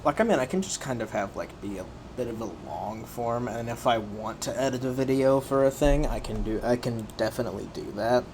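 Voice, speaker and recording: A man's voice: medium pitch, a little fast, hardly any pauses, darkish tone, a little hiss or hum. Tired man rambling while streaming. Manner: rambling, self-talking, restarts. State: tired, yawning. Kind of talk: casual solo stream commentary.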